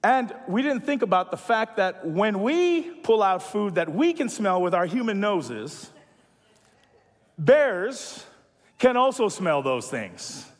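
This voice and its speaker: A male pastor preaching a sermon as a lively storyteller. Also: high voice, long reverb tail. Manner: animated storyteller who builds to a hushed, slow close.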